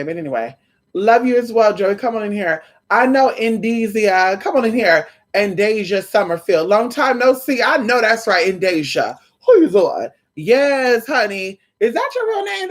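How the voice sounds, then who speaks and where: Sassy, profane, lively-voiced livestream host. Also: medium pitch. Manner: sassy, profane, calls viewers honey and girl; animated, breaks into quoted voices. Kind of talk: casual livestream chat.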